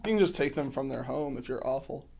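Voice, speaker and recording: A man's voice: mid-range voice, fast, vocal fry, darkish tone. A man in his twenties, a podcast guest, chatting casually and riffing on jokes. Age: 20s. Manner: joking, playful riffing. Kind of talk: casual chat.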